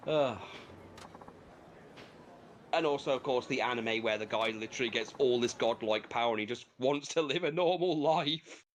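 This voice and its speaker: A man chats casually while he plays a video game, his voice bouncing up and down as he tells animated stories. He swears freely and laughs often, with faint game music underneath. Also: mid-range voice, measured pace, long pauses. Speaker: gaming channel host.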